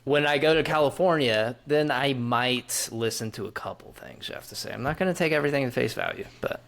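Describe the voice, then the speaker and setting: A man's voice: mid-range voice, a little fast, vocal fry, fairly bright tone. A man from Ohio co-hosting a casual podcast chat, teasing the others in an easygoing way. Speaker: podcast co-host.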